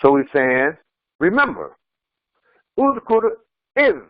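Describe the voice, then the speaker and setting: A man, an imam, giving a slow commentary on scripture and repeating and explaining Arabic terms. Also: a little high, sing-song, no room sound, phone-quality sound. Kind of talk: Quran commentary lesson. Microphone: screen-sharing lesson recording.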